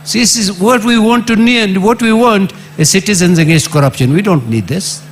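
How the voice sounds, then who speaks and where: A middle-aged Kenyan man with a Kenyan accent, a former member of parliament giving an impassioned public address, emphatic and repetitive with sudden jumps in pitch. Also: brisk, a little hiss or hum.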